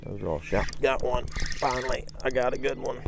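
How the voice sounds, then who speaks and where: A man hosting a fishing vlog from his boat, talking excitedly and casually in slang about the fish he catches. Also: mid-range voice, brisk, gravelly, background noise. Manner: excited, slangy, calls people dude and bro. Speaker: fishing vlog host, pro angler. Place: outdoors on a boat on a lake.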